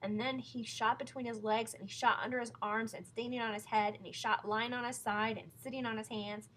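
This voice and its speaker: Female storyteller, playful read-aloud, bright tone. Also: on the high side, little pitch movement, fairly quick, low-quality recording. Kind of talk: reading a children's book aloud.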